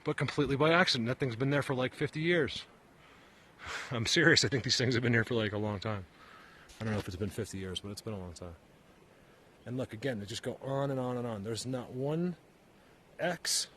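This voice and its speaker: A man's voice: mid-range voice, fairly quick, pushed and bright, a little hiss or hum. Breathless man rambling on a forest walk. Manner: rambling, repeats himself, gets worked up. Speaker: vlogger searching for Bigfoot signs. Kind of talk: casual walking commentary. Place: outdoors in a forest.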